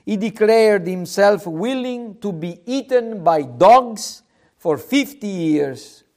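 Male preacher, high voice, slow deliberate sermon delivery. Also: lively intonation, darkish tone. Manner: slow, emphatic preaching with rising and falling force, some hesitations.

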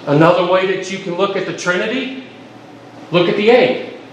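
A man's voice: high-pitched, moderate pace, a little hiss or hum. A man preaching a sermon as pastor, folksy and emphatic, joking with the congregation. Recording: echoey room, mic at a distance.

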